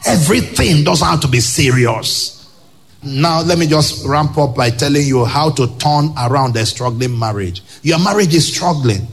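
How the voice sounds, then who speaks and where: Male Nigerian preacher, lively swooping delivery, emphatic, pidgin asides, church sermon. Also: fairly high pitch, moderate pace, slightly rough. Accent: Nigerian English. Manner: emphatic, with loud rhetorical questions and pidgin asides. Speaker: pastor.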